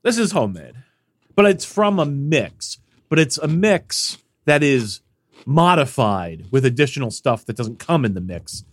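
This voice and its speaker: A man's voice: medium pitch, measured pace, dry recording. A man co-hosting a casual podcast, joking and sniffly as he banters with his partner. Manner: animated, jokey, sneezing and sniffly. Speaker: podcast co-host.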